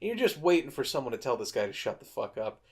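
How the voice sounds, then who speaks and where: Guy on a movie podcast, animated and swears a lot, mid pitch, just chatting. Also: quick pace. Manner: animated storyteller, swears freely. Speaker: podcast co-host. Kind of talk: casual movie-review chat.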